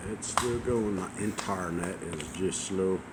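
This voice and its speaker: Man, very deep voice, short casual check-ins, loud background noise. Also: measured pace. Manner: brief, practical check-ins and corrections. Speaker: proofreader checking along. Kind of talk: casual working chat.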